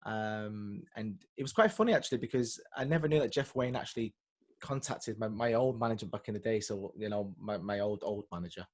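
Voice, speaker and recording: A man, a guest chatting casually over a video call and telling animated stories. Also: on the low side, brisk. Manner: chatty, animated storyteller, lots of fillers and restarts. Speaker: guest, singer and actor. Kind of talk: casual interview chat.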